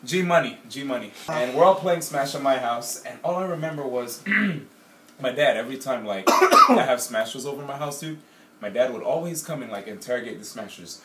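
Animated young man telling a story. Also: mid-range voice, moderate pace. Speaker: storyteller among friends. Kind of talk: casual anecdote. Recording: echoey room from far off, noisy.

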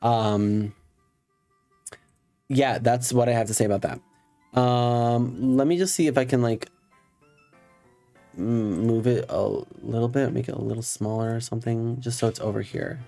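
A man's voice: mid-range voice, unhurried, gravelly, pauses often, dark tone, faint music behind. A man in drag on a live stream, chatting casually and campily with his viewers, swearing playfully at them.

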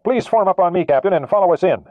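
A male audiobook narrator reading a businesslike tugboat radio operator in a raised, crisp voice. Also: high-pitched, expressive, quick pace, a little mellow, dry recording, highs cut off, voice pushed up.

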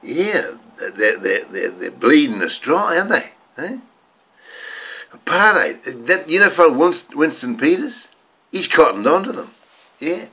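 A man's voice: a little high, big pitch swings, unhurried, creaky, pushed and bright, slightly rough. An older man from New Zealand with a New Zealand accent, ranting in a rambling vlog monologue to camera and often repeating words. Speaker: vlogger.

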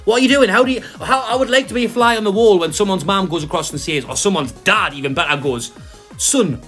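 A man's voice: high-pitched, fast, bright, forceful tone, soft background music. A man mocking video clips in a profane comedic rant, as host of a reaction video. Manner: swearing, mocking, ranting.

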